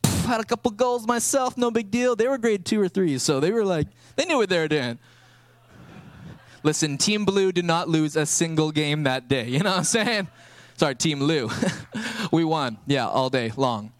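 High-voiced energetic young preacher man. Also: normal speed. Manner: energetic storytelling preacher, acts out dialogue. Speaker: pastor. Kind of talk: sermon.

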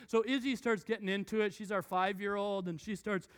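A man in his thirties, a pastor preaching a sermon and telling a family story with lots of animated restarts. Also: sits high, brisk, clean tone.

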